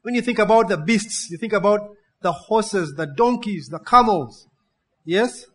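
A male preacher delivers a lively sermon. His voice sits fairly high for a man. He piles up words and keeps drawing his congregation in with quick questions. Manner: animated, call-and-response, piles up synonyms.

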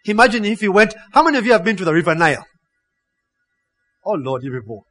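A male pastor preaching an animated sermon. He keeps asking his listeners "huh?" and "yeah?" and tells stories with laughter. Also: high voice, quick pace, long pauses. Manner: storytelling with laughs and playful acted quotes. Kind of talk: sermon with a personal story.

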